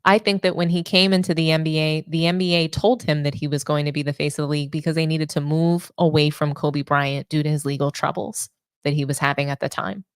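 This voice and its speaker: A woman's voice: sits low, steady tone, a little fast, smooth, no echo, studio quality. A young adult woman hosting a sports show, delivering opinionated commentary with indignant, sarcastic rhetorical questions.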